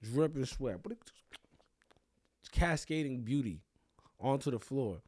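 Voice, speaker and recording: A man's voice: mid-range voice, takes it slowly, dry recording. A young man hosting a podcast, telling a crude, comedic story with lots of swearing and bragging. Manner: animated, profane, crude bragging humor. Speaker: podcast host.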